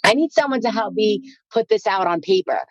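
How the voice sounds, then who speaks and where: A woman's voice: mid-range voice, animated, fairly quick, no echo, muffled recording. A woman from Queens with a New York accent, a spiritual guest speaking earnestly and encouragingly on a podcast. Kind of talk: podcast interview.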